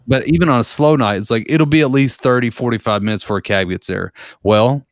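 A man's voice: medium pitch, brisk, no echo, studio quality. A man casually telling a rambling, profane story, with lots of filler words.

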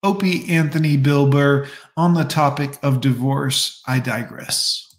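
Slow, ranting man in an echoey room. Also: mid-range voice, steady tone. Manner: profane, ranting, slow and emphatic. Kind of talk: casual monologue.

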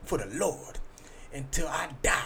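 A man's voice: on the high side, a little slow, vocal fry, sharp tone, slight background noise, voice pushed up, exaggerated voice. A man doing an impression of a solemn, preachy retired male football star, delivered like a sermon.

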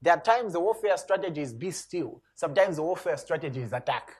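A man's voice: fairly high pitch, animated, fast, hardly any pauses, a little mellow, slightly rough. A man preaching a sermon, reading scripture with rising emphasis and explaining it to the congregation.

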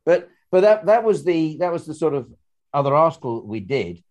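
A man's voice: fairly high pitch, big pitch swings, moderate pace, darkish tone. A man co-hosting a casual podcast, talking in rambling sentences full of restarts and fillers. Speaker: podcast co-host.

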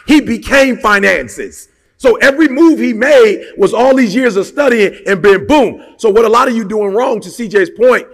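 A man with a high-pitched voice delivers a motivational talk, emphatic and full of rhetorical questions. His tone is gravelly and fry-laden, and his casual, slangy phrasing rings out with a long hall reverb behind it. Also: fairly bright tone. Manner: slangy and conversational. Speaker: motivational speaker.

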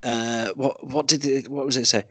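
On a dry recording, a man with a Yorkshire accent talks at a moderate pace in a mid-range voice with fairly even intonation. He's a podcast guest who hosts a movie podcast, and in this casual chat he rambles, laughs, and swears freely while telling stories.

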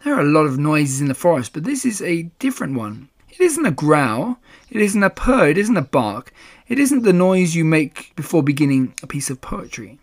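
A man reading a storybook aloud, voicing a gentle, simple-minded male teddy bear in a mild, wondering way. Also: on the high side, big pitch swings, normal speed.

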